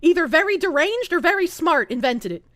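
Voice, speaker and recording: A young woman streamer from Boston chats and rants at her audience, cursing freely. Her voice sits very high and leaps all over the place with animated energy. The sound is dry and close, like a desk microphone at home. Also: brisk, dry recording. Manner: animated, profane ranting. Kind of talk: casual live-stream chat.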